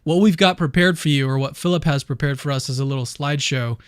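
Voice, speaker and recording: A talkative male host with a fairly high voice, speaking in a relaxed, upbeat manner and often restarting his sentences. The sound is close and dry, with no room around it. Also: fast, smooth, dry recording. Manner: chatty, upbeat, with many restarts. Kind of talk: casual chat.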